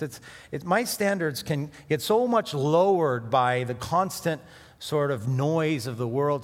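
A middle-aged man preaching a sermon in a conversational, animated way, with sudden emphatic rises. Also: a little high, a little slow. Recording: hall reverb.

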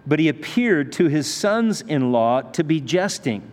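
A man's voice: on the high side, very animated, a little slow, a little mellow. Conversational man preaching in an echoing hall. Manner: conversational, with rhetorical questions. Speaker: pastor. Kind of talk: expository sermon. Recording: reverberant hall.

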